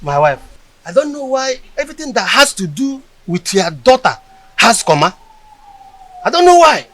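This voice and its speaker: Casting: an anxious Nigerian father, high, animated voice. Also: moderate pace, full character voice. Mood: worried. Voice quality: fretful, repeating himself. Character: worried traditional father, anxious.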